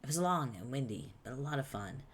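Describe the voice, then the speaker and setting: A man's voice: mid-range voice, expressive, brisk, fairly bright tone, pitched above the performer's own voice. A man voicing a cheerful, naive teenage boy, upbeat and a bit puzzled, reading a webcomic aloud.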